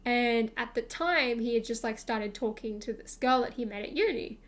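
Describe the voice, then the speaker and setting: A woman's voice: a little high, moderate pace. A young woman streamer rambling through a casual storytime chat, full of fillers and acted-out quotes of herself.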